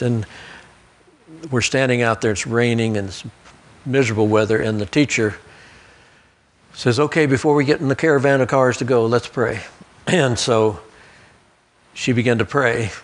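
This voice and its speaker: A male pastor, preaching a sermon through folksy personal stories and asides. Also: mid-range voice. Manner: storytelling preacher, folksy asides, occasional restarts. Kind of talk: sermon storytelling. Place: church sanctuary.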